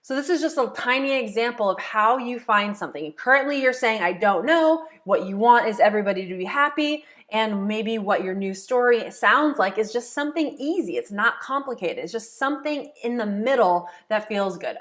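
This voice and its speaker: A woman's voice: mid-range voice, lively intonation, normal speed, fairly bright tone. A woman coach teaching a self-help method step by step, repeating key phrases and checking in with rhetorical questions. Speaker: law of attraction coach. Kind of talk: explanatory teaching monologue.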